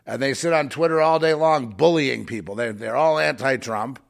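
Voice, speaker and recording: A man with a gravelly, mid-pitched voice rambles through a monologue. He halts and repeats himself, sinks into low mutters, then climbs into heated, louder stretches. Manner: halting, repeats words, swings from mutters to heated outbursts.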